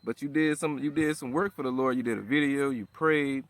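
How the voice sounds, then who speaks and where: A man's voice: mid-range voice, fairly even intonation, brisk, dry recording. A man in his thirties giving a loose, casual sermon in a slangy, profane way, constantly asking "all right?" and "you know what I'm saying?". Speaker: preacher. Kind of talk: casual street-style sermon.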